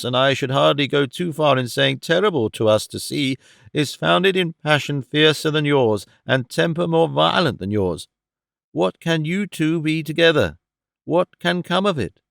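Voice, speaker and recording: An earnest older gentleman pleading with kindly firmness, as an audiobook narrator voices him. His voice is smooth with a slight grit. It sounds close and dry. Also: on the high side, expressive, normal speed, no room sound, voice pushed up.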